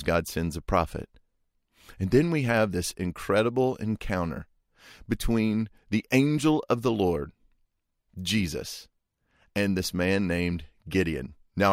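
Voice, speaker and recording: A man talks through a scripture passage as a podcast host, his voice low and steady. The tone is earnest and conversational, and he lends the people in the story quick acted voices. The recording is dry and close, with no room sound. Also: no room sound. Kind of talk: devotional Bible commentary.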